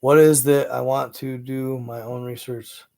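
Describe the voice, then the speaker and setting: A man's voice: mid-range voice, a little slow, vocal fry. A man hosting a casual livestream, rambling through a personal story with lots of fillers and restarts. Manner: rambling, filler-heavy, animated retelling. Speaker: livestream host.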